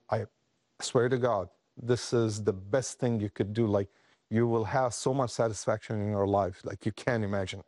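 A man as an interview guest, telling a personal story earnestly, halting and restarting as he grows emotional. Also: medium pitch, a little mellow, no echo, studio quality. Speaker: interview guest, refugee aid worker.

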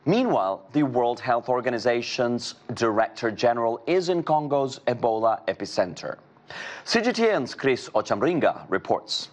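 A male news anchor reading scripted news in a measured, formal way. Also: mid-range voice, big pitch swings.

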